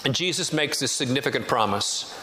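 A man's voice: mid-range voice, expressive, moderate pace. A male pastor preaching a sermon, telling a story and building to emphatic passages. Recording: long reverb in a large hall, faint noise.

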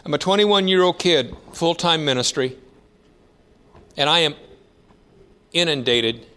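A man's voice: a little high, pushed and bright. A man in his fifties preaching a sermon, telling stories in a conversational way with emphatic rises. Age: 50s. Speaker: pastor.

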